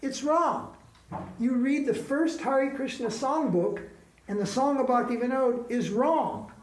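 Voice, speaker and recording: A man's voice: very high-pitched, a little slow. Male spiritual teacher, conversational and emphatic, roomy echo. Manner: emphatic, conversational, full of rhetorical questions. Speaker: swami teaching a class. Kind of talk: informal spiritual class talk. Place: ashram classroom.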